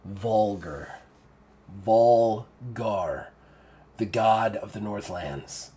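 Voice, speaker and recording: A man voicing a serious, sharp-witted woman in a tabletop game, speaking in an intense, hushed way. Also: lowish voice, a little slow.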